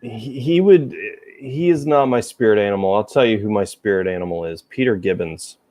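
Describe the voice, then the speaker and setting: A man's voice: fairly low pitch, normal speed, a little mellow, no room sound. A man hosting a casual chat show, rambling and self-deprecating, with a faint Southern American accent. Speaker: podcast host.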